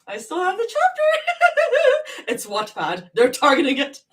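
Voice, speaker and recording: A woman streamer reads fan fiction aloud live and chats over it, casual, sweary and quick to apologize. Her voice sits on the higher side and swings widely in pitch, though she takes her time with the words. She sounds a little distant from the microphone. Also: wildly swooping pitch.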